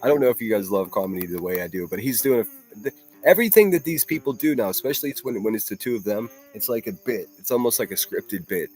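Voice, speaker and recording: A man with a lowish voice hosts a casual livestream, reacting to clips. He rambles, swears freely and breaks into laughter as he mocks what he plays. Soft music sits underneath. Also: lively intonation, fast talker. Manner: profane, laughing, rambling mockery.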